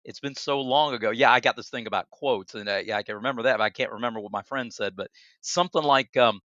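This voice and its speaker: A man co-hosting a casual motivational chat, animated and encouraging, often searching for words. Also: medium pitch, fast talker, dry recording. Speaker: co-host. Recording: dry, slightly muffled lo-fi audio.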